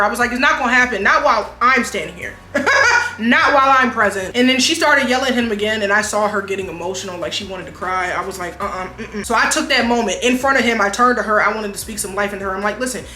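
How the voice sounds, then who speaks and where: A young woman recounts a personal story for her vlog audience with frank, animated energy and frequent laughter. Her voice is bright and sits a little high, and the recording has an echoey room sound. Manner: animated, frank, laughs often while telling. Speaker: YouTuber.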